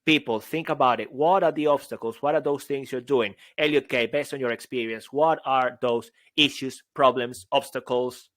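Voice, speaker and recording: A man's voice: medium pitch, normal speed, hardly any pauses, no echo. Guy coaching public speaking on a podcast, joking around, dry close sound. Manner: playful, bursts into excited shouts. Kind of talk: casual podcast chat.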